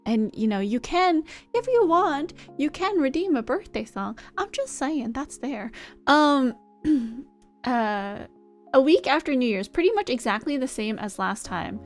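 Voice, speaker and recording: A woman's voice: sits high, sing-song, unhurried, faint music behind. A woman live streamer chatting casually with her viewers in a bubbly, rambling way, thanking people in chat.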